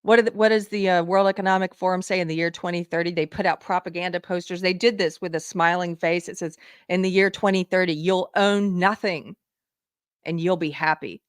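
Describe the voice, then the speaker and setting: Female commentary host, emphatic and indignant, lower voice, dry close sound. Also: steady tone, brisk, smooth, no room sound. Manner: indignant, emphatic, reads items from a list. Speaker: livestream show host. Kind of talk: live political commentary.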